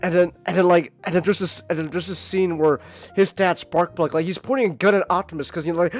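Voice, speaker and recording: A podcast host in casual, rambling comic-review chat, animated and swearing freely, leaning on filler words. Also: mid-range voice, fast talker.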